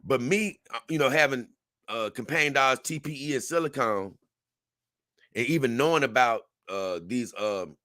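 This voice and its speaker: A young man hosting a casual livestream, reading a text aloud and reacting to it in an animated, conversational way. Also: medium pitch, moderate pace, no room sound, studio quality. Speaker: livestream host.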